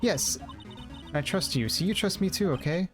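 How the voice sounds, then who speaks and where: A man voicing an earnest young woman, a grieving sister, in a soft, sincere, raised voice. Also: high voice, expressive, moderate pace, music in the background, voice pushed up. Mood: trusting.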